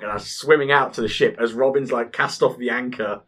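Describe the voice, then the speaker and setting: A man in his thirties, casually co-hosting a podcast, telling an animated, sweary gaming story and laughing often. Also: mid-range voice, brisk, slightly rough.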